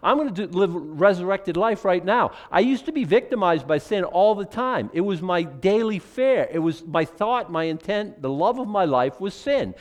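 An older man preaching a sermon in a conversational, animated way, with asides and acted quotes. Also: sits high, moderate pace, hardly any pauses. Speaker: pastor.

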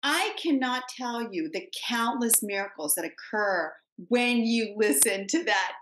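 An older woman, a grandmother, talking as a guest in a reflective, halting way with frequent restarts. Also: on the high side, animated, a bit bright, roomy sound, slight background noise, rough recording. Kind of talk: casual spiritual conversation.

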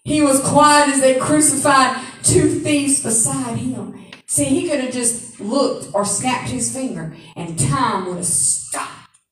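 A woman pastor preaching a sermon in call-and-response, rising to shouts at times. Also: high voice, takes it slowly. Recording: echoey room from far off.

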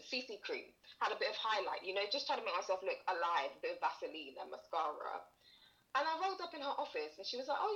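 A woman's voice: mid-range voice, fairly bright tone, dull audio. A young woman speaking candidly in a casual conversation, acting out the lines of people she talks about. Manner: candid storytelling with reenacted quotes. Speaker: guest.

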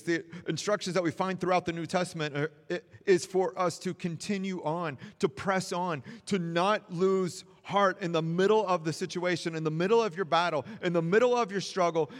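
A man's voice: sits high, long reverb tail. A man preaching a sermon in an earnest, encouraging way, repeating phrases for emphasis. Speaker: pastor.

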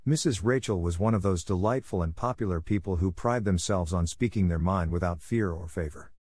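A man narrating a classic novel as an audiobook in a steady, even reading. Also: low-pitched, brisk, no room sound.

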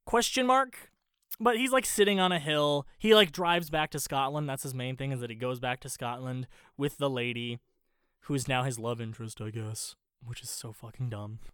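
A man casually recapping a movie, animated and swearing a lot, acting out the characters' lines as he goes. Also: medium pitch, moderate pace, smooth, dry recording, clean studio sound.

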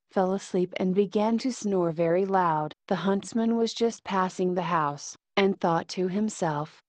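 A woman narrating a fairy tale in a measured, even storytelling manner. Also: lowish voice, no echo.

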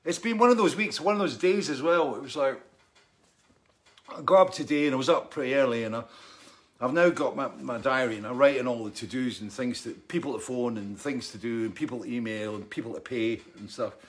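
A man rambles through an anecdote in a relaxed monologue, his voice sitting at an ordinary middle pitch. He leaps up in excitement and then drops low and quiet, stopping now and then to laugh or cough while he vapes. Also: a little fast. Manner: animated storyteller, laughs and coughs between phrases.

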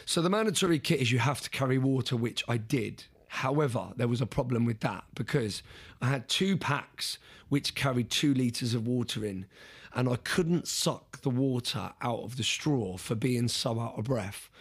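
A man in an interview chatting through a personal story with a slightly husky, breathy voice at an ordinary pitch. He talks casually and with animation, often doubling up words and restarting his sentences as he goes. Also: moderate pace. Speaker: interview guest.

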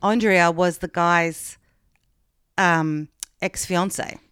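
A woman's voice: on the low side, steady tone, extremely slow, a bit bright, smooth, no room sound, studio quality. An Australian woman on a podcast, casually retelling a true-crime story in a frank, chatty way with plenty of fillers. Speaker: podcast co-host.

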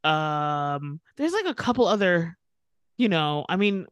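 A chatty American woman co-hosts a casual podcast about TV shows, her voice sitting low and close in a dry, dead-sounding space. She laughs often and wanders through restarts and fillers. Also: very animated, takes it slowly, clean tone, no echo. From United States. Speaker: podcast co-host.

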